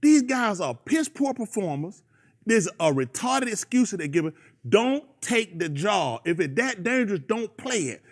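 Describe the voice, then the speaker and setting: A man hosting a radio show, ranting in an animated, rambling casual chat. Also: sits high, moderate pace.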